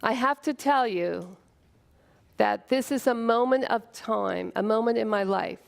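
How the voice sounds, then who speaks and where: Earnest gravelly-voiced woman telling a story. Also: fairly high pitch. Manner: earnest, emotional storytelling with dramatic pauses. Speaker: speaker at a short talk event. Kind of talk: personal storytelling talk.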